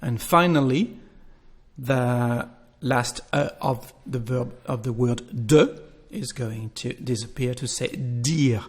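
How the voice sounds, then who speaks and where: Slow, patient male teacher. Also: mid-range voice. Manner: patient, repeats phrases slowly for learners. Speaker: French teacher. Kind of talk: slow spoken language lesson.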